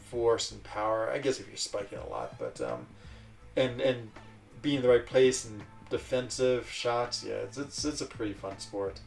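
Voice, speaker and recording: A man's voice: medium pitch, gravelly, darkish tone, distant mic. A man hosting a livestream, chatting casually in a rambling way and laughing often. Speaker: livestream host.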